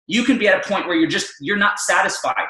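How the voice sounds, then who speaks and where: A middle-aged man giving an energetic, emphatic motivational talk, telling personal stories to make his points. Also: high-pitched, quick pace, reverberant, poor audio. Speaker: motivational speaker.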